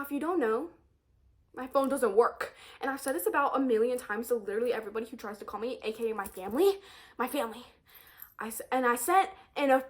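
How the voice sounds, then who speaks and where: High-pitched teen girl ranting. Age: teens. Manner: exasperated, animated ranting with frequent swearing and repetition. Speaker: high school student. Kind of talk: ranting storytime vlog.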